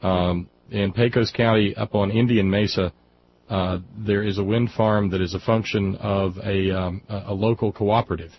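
A man hosts a relaxed radio chat, filling his pauses with uh and um and dropping dry jokes. His voice sits fairly low. The audio is muffled and lo-fi, with a faint hiss behind it. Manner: drawling, filler-heavy, jokey. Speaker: radio host.

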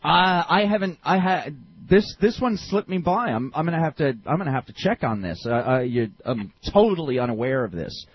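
A man hosting a casual political radio chat, animated, stammering and swearing freely. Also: fairly high pitch, brisk, hardly any pauses, slight background noise. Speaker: radio show host. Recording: dull lo-fi sound.

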